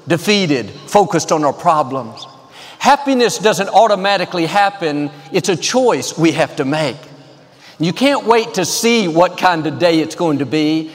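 Upbeat high-voiced pastor in a big hall. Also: male voice. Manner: upbeat, encouraging, rhythmic repetition. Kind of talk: sermon. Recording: live hall with long reverb and faint music.

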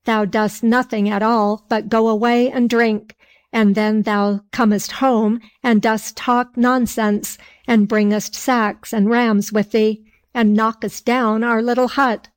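A weary peasant wife lamenting her hard life, read aloud by a woman. The voice is fairly high, and the lines come slowly. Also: level tone, smooth, no echo. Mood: complaining.

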